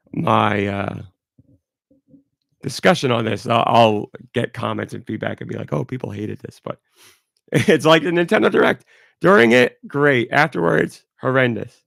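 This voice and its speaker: Gravelly congested male podcast host. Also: mid-range voice, a bit bright, no echo, clean studio sound. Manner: rambling, candid, talks through it. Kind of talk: casual solo podcast talk.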